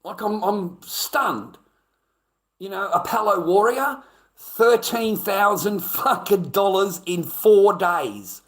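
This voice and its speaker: A man's voice: sits high, lively intonation, slow, fairly bright tone. Profane, ranting Australian man. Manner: profane, indignant, repeats himself. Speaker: streamer. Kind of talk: casual rant to camera.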